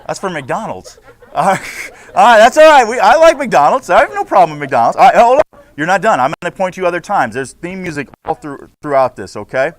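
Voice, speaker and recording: A man's voice: high-pitched, very animated, a little fast. A man teaching a school class, playful and joking with his students in a classroom. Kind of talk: classroom instruction.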